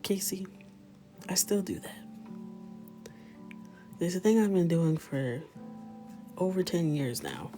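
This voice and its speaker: A woman in her thirties chatting in a mostly whispered, joking way while coloring, with sudden loud shouts. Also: lowish voice, very animated, takes it slowly, long pauses, music in the background. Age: 30s. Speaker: coloring livestreamer. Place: small closet with a ring light.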